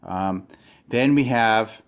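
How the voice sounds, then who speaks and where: Male teacher, lowish voice, halting delivery, spells sounds out slowly. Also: clean tone. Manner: halting, many fillers and restarts, sounds words out slowly. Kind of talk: recorded classroom lecture.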